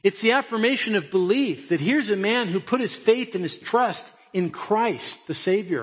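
A middle-aged male pastor with a fairly high, husky voice preaches a sermon in a loose, conversational storytelling style. He presses listeners with pointed rhetorical questions. A large hall gives his voice a long reverb.

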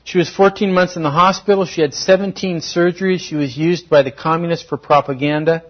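Male pastor, husky voice, slightly high pitch, dramatic loud-to-soft delivery, dull lo-fi sound. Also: steady tone, brisk. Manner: dramatic, swings from loud exhortation to hushed tones. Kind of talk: sermon.

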